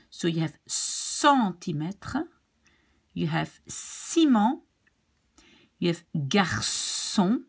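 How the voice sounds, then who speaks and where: A woman teaches beginners how letters are pronounced, repeating each sound and example word patiently. Her low, husky voice has a gravelly edge. She talks slowly, and her pitch rises and falls a lot. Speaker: French teacher. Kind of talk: beginner pronunciation lesson.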